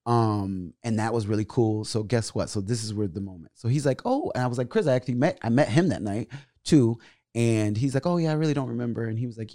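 A young adult man, appearing as a comedian guest, tells a story in a casual, animated way and talks fast. When he acts out scenes, his voice jumps loud and high.

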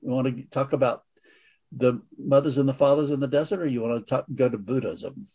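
A man who is a priest co-hosts the conversation and speaks in a measured, thoughtful manner. His voice is husky and sits at a middle pitch. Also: mellow. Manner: measured, thoughtful, with light laughs. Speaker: priest and co-host. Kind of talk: conversational discussion.

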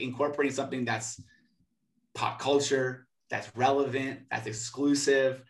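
A man's voice: mid-range voice, fairly bright tone, recorded from a distance. Easygoing man in an echoey room. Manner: easygoing, lots of filler words. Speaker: podcast co-host. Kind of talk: casual chat. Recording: roomy, echoey sound.

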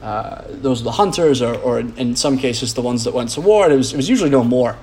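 A man talks through a loose, rambling podcast monologue. His delivery is blunt and profane, packed with fillers and false starts, and his pitch sits in the middle range. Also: lively intonation, fast, a little mellow, a little hiss or hum. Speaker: podcast host.

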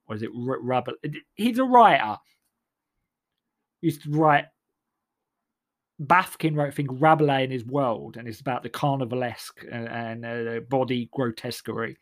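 A man delivers a sardonic, rambling comic monologue full of restarts. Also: a little high.

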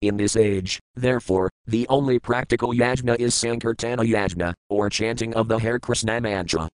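Smooth-voiced man reading scripture. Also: medium pitch, normal speed, no echo, low-quality recording. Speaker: scripture reader. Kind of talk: scripted reading of verses, word meanings and commentary.

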